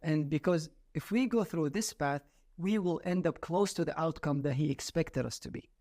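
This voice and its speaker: A young man from Saudi Arabia chats as a podcast guest and tells a long personal story. His voice sits a little high, and he laughs easily as he talks. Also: normal speed. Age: 20s. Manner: animated storyteller, laughs often. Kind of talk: casual storytelling chat.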